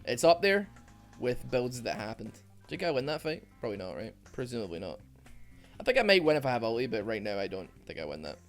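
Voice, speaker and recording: A man giving rambling, self-mocking commentary over a video game, with quick asides. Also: medium pitch, big pitch swings, faint music behind. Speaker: gaming YouTuber. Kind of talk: joking gameplay commentary.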